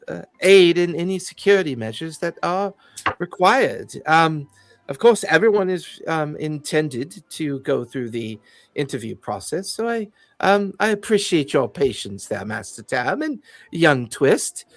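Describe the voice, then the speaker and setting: A man's voice: fairly high pitch, sing-song, a little slow, no echo. A man putting on a pompous fae security chief. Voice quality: pompous, condescending, says "dear boy".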